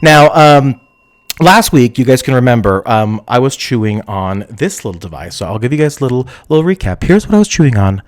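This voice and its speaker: A young man hosts a live stream show in a campy, giggly, sassy way, chatting casually and laughing often with viewers. His voice is of ordinary height but swings widely, leaping up into squeals and sinking into murmurs, and his pace is brisk.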